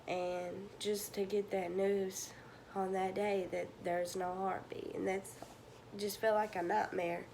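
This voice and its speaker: A young woman, telling a painful personal story to camera, tearful and halting, sometimes sinking to a whisper. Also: mid-range voice, level tone, creaky, a little mellow, a little hiss or hum. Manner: emotional, halting, drops to a whisper at times. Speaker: vlogger.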